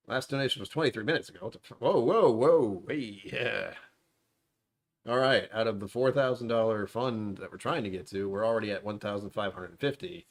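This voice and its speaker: A man hosting a casual livestream from home, rambling and sarcastic with self-deprecating asides. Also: fairly low pitch. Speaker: livestream host. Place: at home, dishwasher running nearby.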